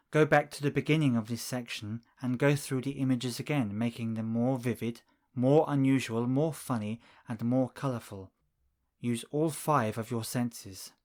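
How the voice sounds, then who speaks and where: A man narrating a language lesson, slow and deliberate, spelling out words for learners. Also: medium pitch. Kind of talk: scripted instructional narration.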